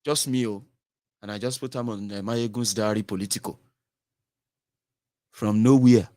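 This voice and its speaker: A man's voice: lowish voice, steady tone, normal speed, dark tone. A middle-aged Nigerian man giving sardonic political commentary in a casual vlog, mixing in pidgin and Yoruba phrases.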